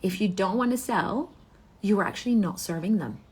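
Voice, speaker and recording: A woman's voice: medium pitch, a little fast, a little mellow, slightly rough. A woman business coach giving a motivational talk, asking rhetorical questions and checking in with a frequent "okay?".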